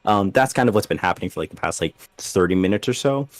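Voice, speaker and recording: GM narrator, man, lowish voice, casual rambling delivery, dry close recording. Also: animated, quick pace, no echo. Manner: loose, filler-heavy narration with many "like"s. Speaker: game master. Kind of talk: narrating a tabletop game.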